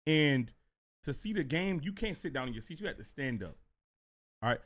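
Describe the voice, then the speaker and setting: Casting note: male streamer, bright, lively delivery, swears freely while telling a story to his chat. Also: on the high side, normal speed. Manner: animated and profane, talks straight to viewers. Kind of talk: casual storytelling to a live chat.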